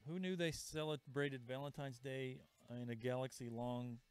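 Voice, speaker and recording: A man hosting a live comic shop sale, chatting casually and pitching items with asides. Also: fairly even intonation, moderate pace, clear, resonant tone, dry recording. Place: comic store. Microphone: livestream camera mic.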